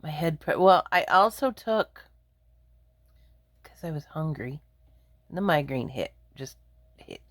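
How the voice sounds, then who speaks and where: Quiet, unhurried woman nursing a migraine. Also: low voice, expressive, dry recording. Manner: meandering, laughs often, loses her thread. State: in pain from a migraine, speaking low and quiet. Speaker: vlogger. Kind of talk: casual rambling monologue to camera.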